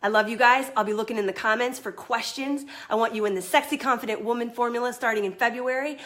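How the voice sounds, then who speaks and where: High-voiced energetic woman coach. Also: fast talker. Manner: energetic, emphatic, swears then apologizes. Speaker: confidence coach. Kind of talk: livestream motivational talk.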